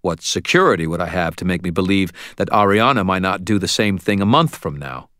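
A man's voice: low-pitched, fairly quick, sharp tone, no echo. A man narrating a first-person audiobook with a wry, dry delivery.

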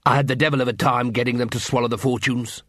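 A man's voice: mid-range voice, steady tone, a bit bright, no echo, studio quality, close to an everyday voice. A man voicing a curious male dwarf who thinks things through aloud, read as an audiobook character. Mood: reasoning. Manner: quick-thinking, explaining, reasoning aloud.

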